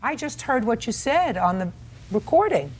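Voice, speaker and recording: A woman's voice: fairly high pitch, big pitch swings, normal speed, slight background noise. A woman judges a television court case sternly, cutting people off and mocking their words with sarcasm. Her voice rises and falls a great deal as she lectures. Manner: stern, interrupting, mocks quotes sarcastically.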